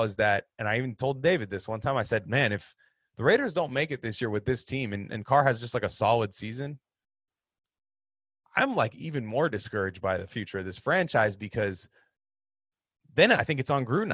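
A man's voice: mid-range voice, lively intonation, a little fast, a bit bright, no room sound. A man hosting a casual sports talk show, giving rambling, opinionated takes on football with frequent restarts. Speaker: sports podcast host.

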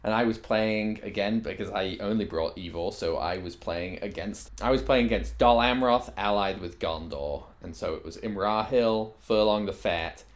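A man co-hosting a podcast, talking casually about a tabletop game in a relaxed way. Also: lowish voice, moderate pace, few pauses. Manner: relaxed listener, short reactions. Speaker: podcast co-host.

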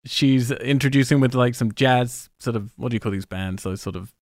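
Casting: Mann als Podcast-Co-Host, trockener Humor, flucht gern, sehr trockener Raumklang. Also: male voice, medium pitch, moderate pace, no room sound, studio quality. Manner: wry, sweary, scrubbing through footage while talking. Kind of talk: casual movie commentary chat.

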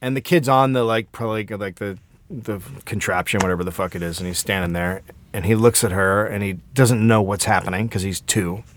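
A man co-hosting a comedy podcast, telling a story in a profane, animated way. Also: on the low side, a little fast, slight background noise.

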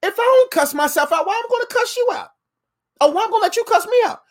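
A man giving a casual motivational sermon, animated and playful, repeating phrases and calling the audience fam. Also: very high-pitched, fast talker.

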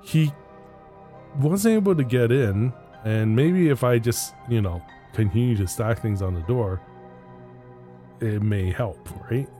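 A man hosting a podcast, casually telling a spooky personal story with pauses, restarts and little laughs. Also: medium pitch, warm tone, faint music behind. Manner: rambling, hesitant, laughs between lines.

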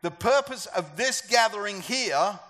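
A man's voice: high-pitched, animated, unhurried, bright, forceful tone. A man preaching a sermon to a church gathering, talking conversationally and asking the congregation questions. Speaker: pastor.

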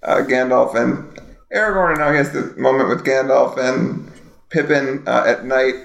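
Gravelly man chatting in an echoey room. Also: mid-range voice, normal speed. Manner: rambling, full of fillers and restarts. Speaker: podcast co-host. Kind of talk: casual chat.

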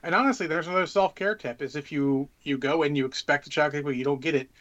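A man with a fairly high speaking voice, talking casually on a podcast and swearing freely as he gives laid-back advice. The sound is dull and lo-fi. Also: fast, a bit bright. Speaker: podcast co-host. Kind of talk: casual chat.

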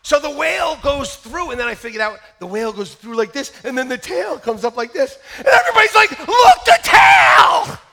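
A very high-pitched man preaching to his church with a bright, gravelly edge to his voice. He tells funny stories with wide swings in pitch and often bursts into loud shouts. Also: expressive, a little fast, few pauses. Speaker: pastor. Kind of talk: comic storytelling sermon. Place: church service.

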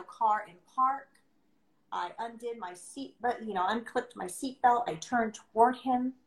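A middle-aged woman, a podcast guest, talking earnestly and emphatically and repeating her key phrases. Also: mid-range voice. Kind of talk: heartfelt podcast conversation. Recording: echoey room.

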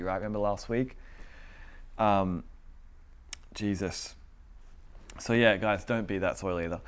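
A man preaching a sermon in a relaxed, conversational way, often repeating phrases and laughing between points, and growing louder when he urges his listeners. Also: fairly low pitch, normal speed, pauses often.

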